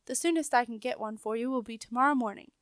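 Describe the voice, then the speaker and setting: A woman's voice: on the high side, fast, clean tone, dry recording, natural voice. A woman voicing an elderly, portly male rat who runs a message office, flustered and apologetic with a stammer. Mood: fussy.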